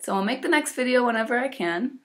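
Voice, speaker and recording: A woman's voice: fairly high pitch, lively intonation, quick pace. A teenage girl from Illinois with an American accent, talking casually and upbeat in a video diary about her exchange year. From Illinois, USA. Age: teens. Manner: chatty, upbeat, with fillers and small laughs. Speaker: exchange student vlogger.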